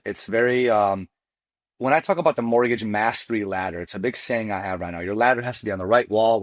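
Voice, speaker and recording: 40s guy, mortgage coach on a podcast, slangy and animated storytelling, dry close sound. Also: on the low side, no echo. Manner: animated, slangy storyteller, lots of "dude" and "man". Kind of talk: casual storytelling interview.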